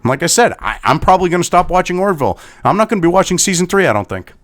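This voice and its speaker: Male commentator, exasperated profane ranter with a swooping, animated delivery. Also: high voice, racing. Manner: swearing heavily, exasperated, sighing. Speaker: commentary host. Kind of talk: angry profane commentary rant.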